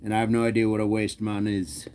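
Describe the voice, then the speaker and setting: A man's voice: fairly low pitch, monotone, quick pace, warm tone, a little hiss or hum. A man hosting a fitness channel, chatting casually with his live chat, joking often and laughing. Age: adult.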